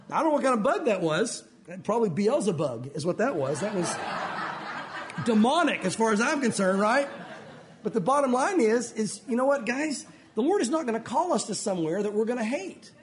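A man preaching a sermon in a conversational way, with asides and chuckles. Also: high voice. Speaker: pastor.

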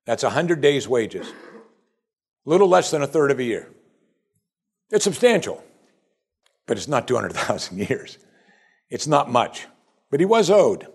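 A man preaching a sermon in a voice of ordinary middle pitch. He presses his points with rhetorical questions. He pushes up to loud, high emphasis, then drops to hushed, low passages. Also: big pitch swings, a little slow, pauses often, breathy edge. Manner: rising to emphatic peaks, then dropping to soft and quiet; asks the congregation repeated rhetorical questions. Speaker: pastor.

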